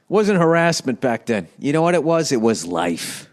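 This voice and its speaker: A man's voice: on the high side, big pitch swings, normal speed. A middle-aged man hosting a podcast, ranting in a profane, rambling comedic monologue into a studio microphone and slipping into silly voices. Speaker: podcast host. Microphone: studio microphone with windscreen.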